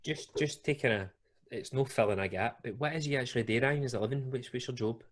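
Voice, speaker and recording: A Glaswegian Scottish man hosting a casual podcast, telling a story in loose, colloquial speech. His voice sits at an ordinary middle pitch, and he laughs often as he talks. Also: quick pace. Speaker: podcast host.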